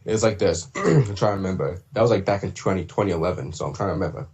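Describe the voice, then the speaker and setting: A man chatting casually on a livestream about doing voice impressions, rambling with many fillers and throat clears. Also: low-pitched, quick pace, darkish tone. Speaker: streamer and voice impressionist.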